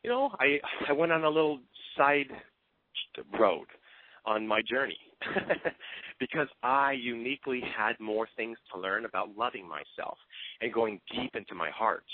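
Husky earnest man on a phone line. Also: medium pitch, a little slow, no room sound. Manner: earnest and openly emotional. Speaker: team coach. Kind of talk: motivational talk. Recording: tinny phone-line sound.

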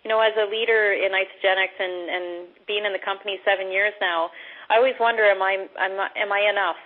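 A middle-aged woman from Canada giving a motivational talk as a guest speaker, loud, direct and upbeat. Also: medium pitch, steady tone, quick pace. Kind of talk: motivational talk on a conference call. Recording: phone-line conference call.

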